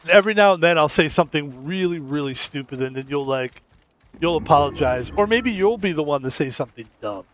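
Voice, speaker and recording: A man's voice: a little high, animated, brisk, a bit bright. A man streaming a game, rambling in casual commentary with crude, joking asides.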